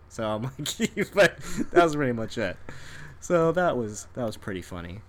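Animated man telling a story, laughing often. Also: medium pitch, normal speed. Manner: animated, laughs often, acts out people in quotes. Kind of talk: casual storytelling chat.

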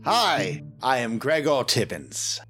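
A man's voice: mid-range voice, big pitch swings, slow, a bit bright, soft background music. A man voicing a pompous, blustering fake businessman in a tabletop game. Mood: indignant.

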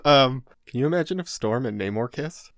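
A man's voice: medium pitch, lively intonation, brisk, fairly bright tone, dry recording, studio quality. A man co-hosting a podcast in casual chat, talking loosely, laughing often and reading out listener mail. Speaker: podcast co-host.

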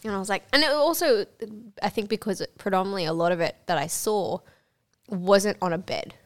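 A young woman co-hosts a casual podcast, speaking frankly and laughing often. She trails off and restarts her thoughts, padding them with fillers. Her voice sits in a middle pitch. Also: brisk. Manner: candid, giggly, trails off with fillers. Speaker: podcast co-host. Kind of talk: casual chat.

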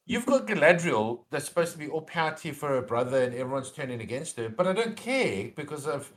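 A man's voice: fairly high pitch, very animated, a little fast. A man talking through his opinions on a casual podcast, often stalling on fillers and restarting his sentences. He gets more insistent and emphatic when he pushes back on a point. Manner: rambling, hesitant, with many fillers and restarts. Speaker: podcast co-host. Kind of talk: casual chat.

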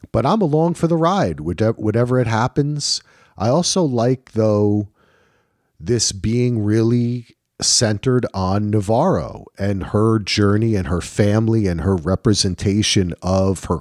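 A man's voice: lowish voice, a little mellow, no echo, clean studio sound. A man from New Jersey co-hosting a casual TV recap podcast, rambling loosely with frequent ums. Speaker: podcast co-host.

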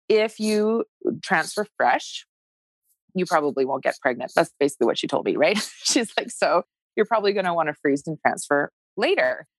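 Woman, 40s, low gravelly voice, earnest storyteller who acts out her own inner voice. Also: dry recording. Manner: animated, acts out her own past thoughts. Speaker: guest sharing her fertility story. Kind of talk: emotional personal storytelling.

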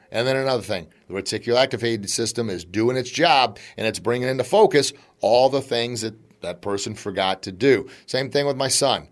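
A middle-aged man hosts a motivational podcast, chatting in an animated way and laughing between points. His pitch is fairly low.

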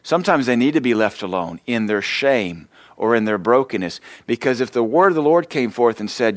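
A man's voice: medium pitch, lively intonation, brisk, hardly any pauses, dry recording. A middle-aged man preaching a sermon as pastor, emphatic, quoting scripture.

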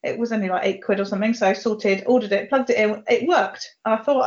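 A woman's voice: mid-range voice, fast. A woman hosting a podcast, chatting casually and poking fun at herself, laughing often. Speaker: podcast host. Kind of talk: casual chat. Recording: dull lo-fi audio.

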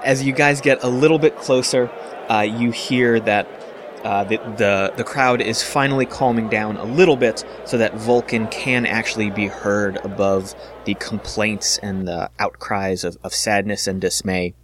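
A man's voice: on the low side, moderate pace, noisy background. A man narrating a tabletop game as dungeon master, with frequent fillers. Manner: steady narration with many fillers.

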